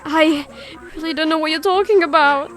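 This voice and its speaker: A scared fifteen-year-old boy who stammers and begs for forgiveness, read aloud by a woman. The voice stays high and shaky. Soft game music hums behind. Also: normal speed. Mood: pleading. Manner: stammering, pleading. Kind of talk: reading game dialogue aloud.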